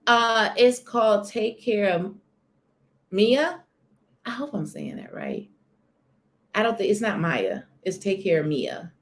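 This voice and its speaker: A woman's voice: medium pitch, very animated, slow pace, pauses often. A woman hosting a casual live-stream chat. She is chatty and emphatic, and often repeats herself. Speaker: channel host.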